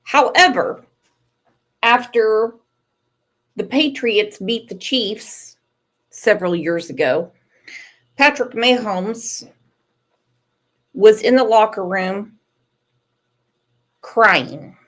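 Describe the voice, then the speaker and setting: A woman's voice: medium pitch, animated, drawn-out words, pauses often, fairly bright tone. A woman hosting a casual livestream, chatting and teasing a caller. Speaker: channel host.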